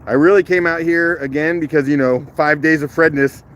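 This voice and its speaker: A man hosting a casual live stream outdoors on a rocky shoreline, chatting, greeting viewers by name and laughing easily, recorded on a phone held in one hand, his voice a little rough from the morning. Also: on the high side, steady tone, brisk, a bit bright. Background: faint outdoor waterside ambience.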